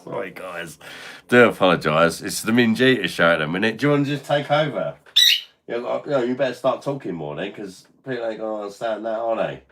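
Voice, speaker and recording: A man's voice: fairly low pitch, lively intonation, a little fast. A man hosting a casual live stream, bantering and swearing at his noisy pet bird while reading chat comments. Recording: loud parrot squawks behind.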